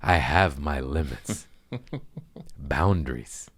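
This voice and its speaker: A man's voice: a bass voice, lively intonation, very slow, a bit bright, no room sound. A man hosting his own podcast, rambling crudely in a casual monologue and laughing at his own jokes. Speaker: podcast host.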